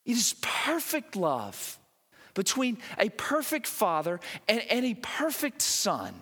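A man preaching a sermon, animated and emphatic, often repeating words as he builds to a point, recorded in a church. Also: high-pitched, takes it slowly, slightly rough, big-room sound. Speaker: pastor.

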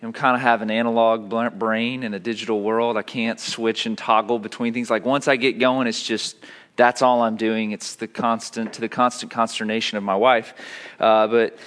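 A male pastor, likely in his thirties, speaks at a medium pitch and normal speed as he reads scripture during a sermon. He then moves into funny, self-mocking stories told with animation.

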